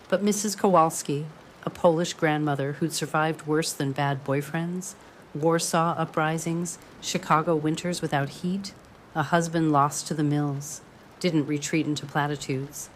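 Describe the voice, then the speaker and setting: Low-voiced woman narrating a drama. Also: steady tone, slight background noise. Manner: measured, ornate storytelling.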